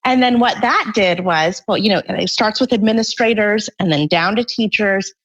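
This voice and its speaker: A woman's voice: medium pitch, normal speed, a bit bright, highs cut off. A woman author being interviewed, explaining her points earnestly in a conversational way. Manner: earnest, explanatory, acts out parents' voices briefly. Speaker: guest author.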